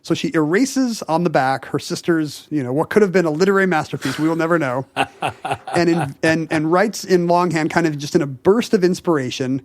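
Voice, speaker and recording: A man with a slightly high voice tells a story in casual conversation, stumbling through fillers and quick restarts as he goes. His voice is recorded close and dry, with no room sound. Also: dry recording. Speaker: podcast co-host. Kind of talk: casual chat, telling a story.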